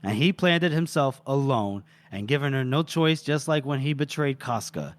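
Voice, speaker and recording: A man co-hosting a podcast, retelling a book's scene in an animated, chatty way and swearing freely. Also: mid-range voice, normal speed, hardly any pauses. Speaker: podcast co-host. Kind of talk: casual book-discussion retelling.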